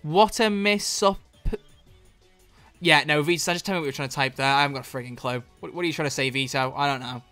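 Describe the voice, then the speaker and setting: Game streamer, live commentary, sharp bright voice, excitable and foul-mouthed. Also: mid-range voice, racing, hardly any pauses, faint music behind. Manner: excitable, swears freely, bursts into loud laughter.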